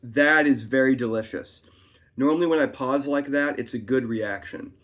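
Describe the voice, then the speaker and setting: A man's voice: mid-range voice, moderate pace, a bit bright. A man giving a rambling, chatty whiskey tasting review at home, full of asides. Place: his home. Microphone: camera on a tripod. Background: faint classical music.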